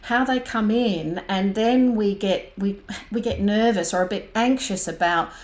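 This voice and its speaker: A woman co-hosting a casual, reflective chat who speaks softly, affirms often and leans on "you know". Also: mid-range voice, a little slow. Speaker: podcast co-host. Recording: echoey room.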